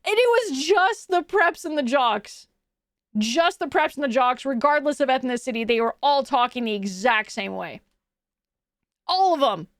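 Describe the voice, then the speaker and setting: A young woman from Quebec, Canada, chats on a live stream in a high, lively voice. She rambles with fillers and swears casually. The mic is close and the sound is dry. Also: moderate pace, no room sound. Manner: animated, swearing, many fillers.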